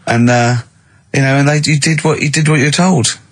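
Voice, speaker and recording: A man hosting a radio comedy show, teasing and telling animated stories. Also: medium pitch, brisk. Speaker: radio host. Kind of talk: casual radio banter.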